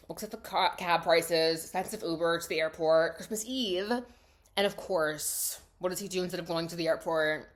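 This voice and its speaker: A woman's voice: fairly low pitch, fairly even intonation, normal speed. Chatty woman gushing through a film recap. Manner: chatty, lots of "like", swings between loud gushing and hushed asides. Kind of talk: casual spoken film recap.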